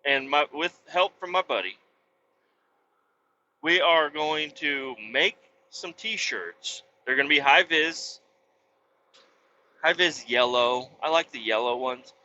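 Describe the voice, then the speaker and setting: A man vlogging from his truck on the highway, chatting casually in a blunt, rambling way and swearing freely. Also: takes it slowly, pauses often, bright, forceful tone. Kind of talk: casual chat while driving. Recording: dull lo-fi audio with faint road noise.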